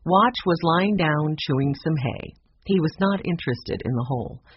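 A woman narrating a children's chapter book in a measured storytelling way. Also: low voice, animated, slightly rough, dry recording. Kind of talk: audiobook narration. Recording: dull lo-fi sound.

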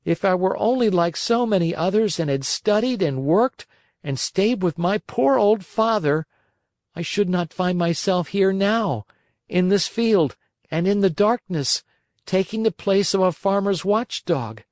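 Remorseful puppet boy, a man putting him on, high and thin, dry close sound, storybook reading. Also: animated, unhurried, darkish tone, no room sound. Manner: weak, pleading, self-reproaching. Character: remorseful wooden puppet boy, small and weak.

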